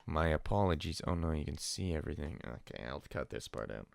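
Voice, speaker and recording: A man's voice: a bass voice, expressive, fairly quick, vocal fry, no room sound. A young man hosting a casual esports podcast, chatting over a call and quoting people in playful voices. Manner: chatty, quotes people with put-on voices, laughs often. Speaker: podcast host. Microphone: call recording with a remote co-host.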